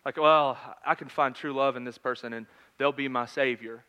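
A man in his thirties preaching a sermon in a conversational storytelling manner, swinging between loud and hushed. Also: medium pitch, fairly even intonation, moderate pace. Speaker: pastor.

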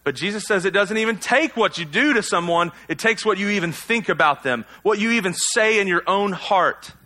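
A man's voice: sits high, expressive, brisk, sharp tone. A male pastor giving a sermon in a conversational, self-deprecating way, full of rhetorical questions to the congregation.

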